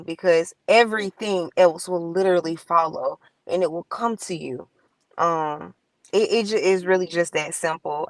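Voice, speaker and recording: Woman co-host with a low gravelly voice, earnest and preachy, dry sound. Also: no echo. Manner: earnest, preachy, quotes scripture. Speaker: podcast co-host. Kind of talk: casual podcast talk.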